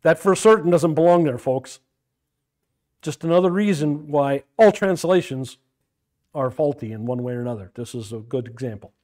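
Animated man teaching a Bible class. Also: fairly high pitch, moderate pace. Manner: animated, questioning, repeats phrases.

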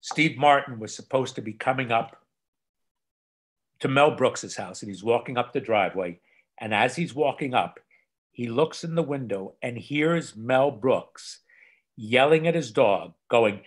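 A man, a guest on a video call, telling anecdotes with animated energy and soft asides. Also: mid-range voice, measured pace.

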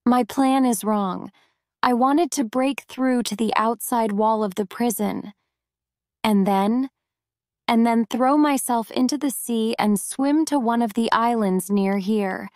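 Give me a woman narrating as a frail, wise old man in prison, slow and steady. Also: fairly high pitch, no room sound, clean studio sound. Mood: instructing. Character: frail old white-bearded male prisoner, calm and wise.

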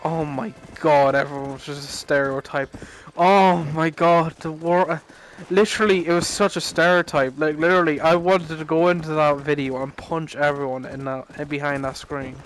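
A man's voice: fairly high pitch, fairly even intonation, moderate pace, fairly bright tone, slight background noise, rough recording. A young man rambling through a casual story over gameplay, swearing a lot and laughing at his own rant. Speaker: gaming commentator.

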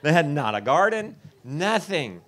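A man's voice: on the high side, big pitch swings, a little slow, a bit bright, slight background noise. Folksy man joking with a crowd. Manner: joking, folksy storyteller who talks to the crowd. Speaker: festival speaker. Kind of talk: live talk to an audience. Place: festival tent.

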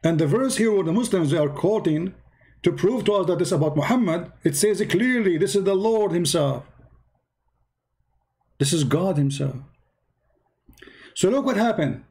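A man's voice: high-pitched, lively intonation, normal speed, long pauses, darkish tone. A man giving heated, mocking commentary in broken English, scolding and repeating himself. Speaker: host reacting to a video.

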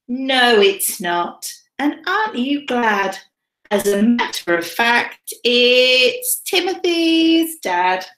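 A woman teacher reading a picture book aloud to young children, animated, with dramatic whispers and gasps. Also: fairly high pitch, takes it slowly. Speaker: primary school teacher. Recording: echoey room.

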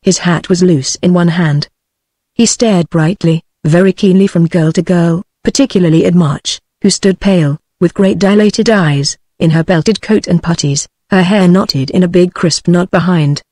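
Tts british lady reading an old novel, steady even delivery, dry close sound. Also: fairly low pitch, dry recording. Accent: British English. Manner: even, measured reading that voices all the characters alike. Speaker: audiobook narrator. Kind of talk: synthetic text-to-speech book reading.

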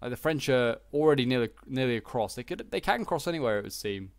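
A man's voice: mid-range voice, very animated, quick pace, no room sound. Chatty man commenting on gameplay. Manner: chatty and rambling, many fillers like "like" and "uh".

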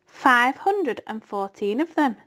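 A woman voicing a wise, weary female spider who speaks in a soft, measured way. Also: fairly high pitch, big pitch swings, full character voice. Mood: gentle.

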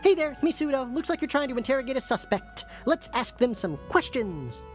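Pseudo, a relentlessly cheerful game AI helper, high and bouncy, with a voice that swoops all over. She pitches every feature like a salesperson. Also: sing-song, fairly quick, soft background music. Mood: perky. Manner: bubbly, salesy, overly cheerful. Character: chipper female AI detective assistant.

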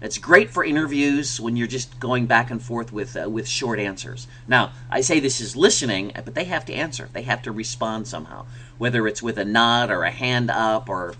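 A man's voice: mid-range voice, normal speed, a bit bright, a little hiss or hum. A man giving a conversational mini lecture as an ESL teacher, with many fillers, who sounds out example words aloud.

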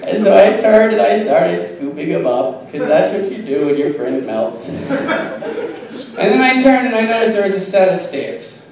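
A man doing a silly, pun-filled stand-up set in a small bar, deadpan and giggling at his own jokes. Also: high voice, a little slow. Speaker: stand-up comic. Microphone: phone camera. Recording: echoey bar, phone from far off, crowd.

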